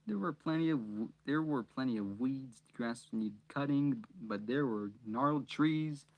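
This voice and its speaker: A man's voice: mid-range voice, unhurried, phone-quality sound. Chatty young man reading aloud. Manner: chatty, jokey asides to viewers. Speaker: reader and channel host. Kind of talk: casual storybook read-aloud.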